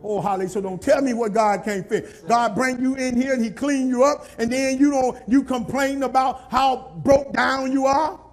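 High-voiced preaching man. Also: steady tone, normal speed, few pauses. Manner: repetitive, scolding preaching to the congregation, at times shouting. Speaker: pastor. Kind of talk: sermon.

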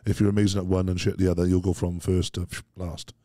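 Fast-talking deep-voiced man, chatty guest. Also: no echo, studio quality. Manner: rambling, animated storytelling peppered with "mate". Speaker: podcast guest, strongman athlete. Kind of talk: casual interview chat.

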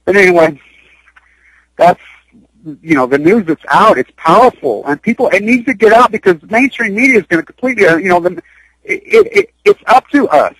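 Male guest, high voice, urgent and rambling, dry radio sound. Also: very animated, brisk, fairly bright tone, slightly rough, dry recording, low-quality recording. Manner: urgent, rambling, repeats himself. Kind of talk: impassioned radio interview talk. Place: Utah.

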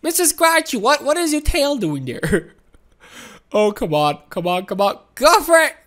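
A woman giving excitable, giggly live commentary while playing a game. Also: high-pitched, a little slow. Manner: excitable and giggly, frequent laughs and exclamations. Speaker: gaming video host.

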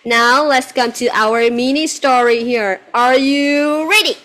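A woman teaching English one-on-one to a child. Her voice is high, and her delivery is slow and deliberate. She quizzes with patient, repeated yes-no questions and slips into now and then. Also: a bit bright. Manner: mixes in Vietnamese phrases.

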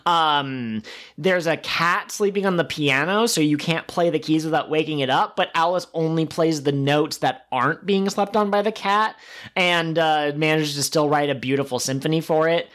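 A man's voice: a little high, moderate pace, fairly bright tone. A man co-hosting a podcast, enthusiastically recapping an episode and acting out quoted lines. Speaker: podcast co-host. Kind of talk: casual chat.

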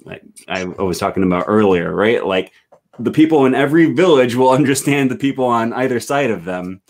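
A man's voice: mid-range voice, lively intonation, a little fast, a little mellow. A male host of a live stream, rambling with many fillers as he reads viewer comments aloud on a video call.

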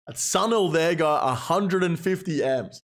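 An excitable male host runs an online game event, cheering each player along. His voice swings widely and sits higher than most men's. He gets loud whenever someone does well. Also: measured pace. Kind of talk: excited live-stream commentary and interviews.

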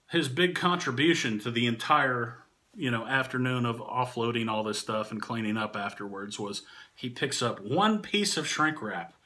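Animated, bright-voiced man telling a story. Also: medium pitch. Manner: animated, laughing through the story. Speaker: channel host and storyteller. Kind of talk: casual anecdote telling.

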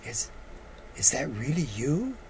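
A woman's voice: deep voice, sing-song, slow, darkish tone, slight background noise, full character voice, rough recording. An older man voicing a suspicious elderly mother who stammers and hesitates in a read-aloud story. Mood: wary.

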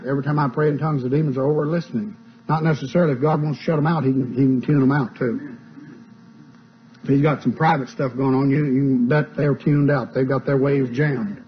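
A man preaching a sermon in a folksy, plain-spoken teaching manner, on a dull lo-fi tape with a mains hum. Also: medium pitch.

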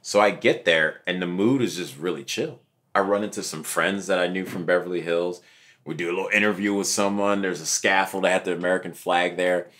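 A young man, an interview guest, telling his story in a casual, animated way and acting out what others said. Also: low-pitched, brisk. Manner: animated, acts out quotes of others.

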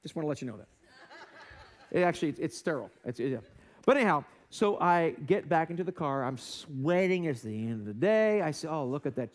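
In a church sanctuary, an American male pastor with a fairly high, animated voice preaches fairly quickly. His sermon includes a self-deprecating story in which he acts out different voices.

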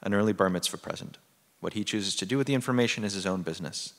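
A man reading aloud the lines of a brash, confident, teasing Israeli man in a deadpan storytelling voice. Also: fairly low pitch, fast, natural voice. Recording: long reverb of a theater hall.

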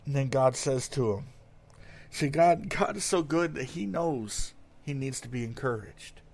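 A man's voice: mid-range voice, animated, a little slow, a little mellow. Earnest man preaching a sermon. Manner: earnest, with frequent repeated words and restarts. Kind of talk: sermon reading scripture aloud.

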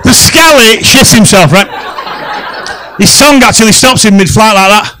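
A Liverpudlian comedian tells a story live on stage, voice pitched fairly high. He talks in quick punchy bursts into a handheld mic. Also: sharp tone, low-quality recording. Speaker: stand-up comedian. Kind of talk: stand-up comedy.

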